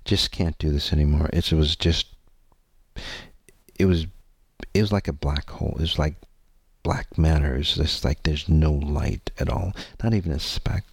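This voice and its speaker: A man's voice: a bass voice, measured pace, vocal fry, pauses often, husky, no room sound, clean studio sound. A man telling a candid personal story to his audience, rambling and earnest, with many fillers and some casual swearing.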